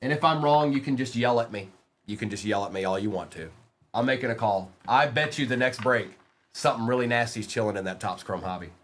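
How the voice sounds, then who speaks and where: A man hosting a live-stream card break, reading off player names quickly and teasing viewers between bursts of excitement. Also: medium pitch, a little hiss or hum.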